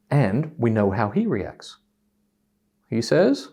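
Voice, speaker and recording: A man's voice: mid-range voice, normal speed, slightly rough. A man telling a story to an audience about communication styles, acting out both sides of a quoted argument. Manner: animated, acts out both sides of quoted dialogue.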